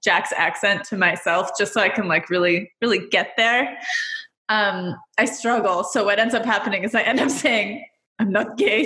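A woman's voice: medium pitch, bright, forceful tone, echoey room. A woman co-hosting a podcast in casual chat, with a dry, wry humor. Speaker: podcast co-host.

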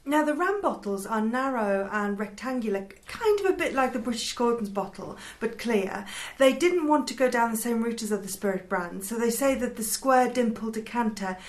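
Chatty woman cohost on a podcast, bit high-pitched, laughs easy. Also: lively intonation, moderate pace, hardly any pauses. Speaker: podcast co-host. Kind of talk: casual chat. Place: lived in Yorkshire.

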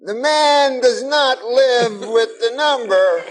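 A man doing an impression of a famous older comedian, speaking slowly with halting, odd phrasing, from a noisy archival clip. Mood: bemused. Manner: slow, drawn-out, high-pitched delivery with odd phrasing.

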